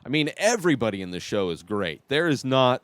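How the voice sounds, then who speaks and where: A man's voice: medium pitch, very animated, a little fast, a bit bright, no echo. A man hosting a podcast, chatting casually and giving his opinions as he reviews a TV series. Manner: chatty and opinionated, thinking aloud.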